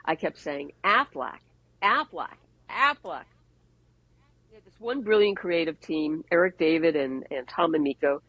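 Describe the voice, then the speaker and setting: A woman, an advertising executive, telling animated stories with wry jokes as a podcast guest. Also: low-pitched, brisk, hardly any pauses, no room sound, lo-fi sound. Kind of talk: conversational storytelling. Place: podcast interview.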